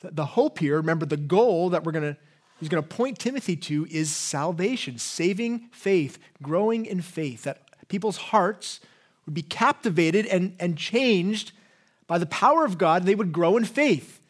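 This is a man with an English accent preaching from the pulpit in a higher-pitched voice. His sermon is conversational rather than formal. He leans on rhetorical questions and quick "right?" check-ins with the congregation. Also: expressive. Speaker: pastor.

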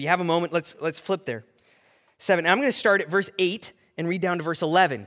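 A male pastor preaching a sermon, animated and full of rhetorical questions. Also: on the high side, in a large hall.

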